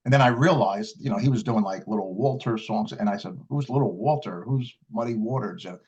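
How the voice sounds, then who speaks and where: This older harmonica bluesman has a lowish, darkish voice and a brisk delivery. Chatting casually with an interviewer about his early life, he rambles through anecdotes with plenty of fillers and restarts, captured in dull lo-fi sound.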